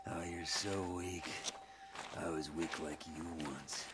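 An actor playing a menacing, unhinged male villain who speaks slowly and with contempt, in a video game. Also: a bass voice, fairly even intonation. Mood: taunting. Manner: slow, taunting, contemptuous. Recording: game audio under loud music.

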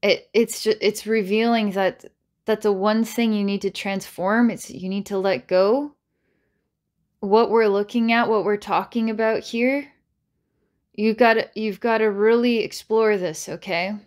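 A woman's voice: medium pitch, steady tone, measured pace. Rambling, repetitive woman doing a psychic reading. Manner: rambling, repeats phrases, restarts, bursts of laughter; dramatic, challenging and coaxing. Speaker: psychic reader. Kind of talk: channelled psychic reading to camera.

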